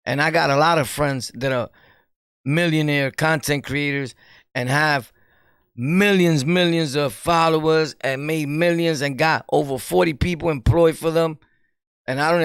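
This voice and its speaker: A man with a New York accent, a streamer giving an animated, preachy commentary in street slang and laughing often. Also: on the high side, clean tone, no echo, studio quality. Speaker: streamer and YouTuber. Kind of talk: casual commentary monologue.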